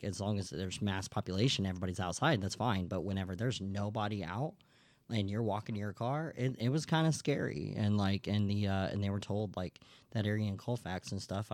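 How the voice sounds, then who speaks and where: A young man hosts a podcast and rambles through a story, full of fillers, restarts and swearing. His voice sits a bit low. The sound is dry and close. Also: darkish tone, no echo. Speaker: podcast host. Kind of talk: casual storytelling chat.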